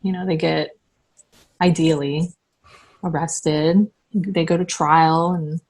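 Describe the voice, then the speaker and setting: A woman from the United States telling her own story as an interview guest, halting and full of restarts. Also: deep voice, steady tone, a little mellow. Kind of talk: personal recounting.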